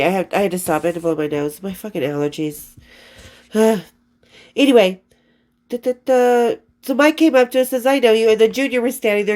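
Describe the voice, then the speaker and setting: A woman in her fifties reads from her old diary and tells rock stories in casual, rambling, profane fashion. Her voice is on the high side and a little mellow, and she often loses her place and starts over.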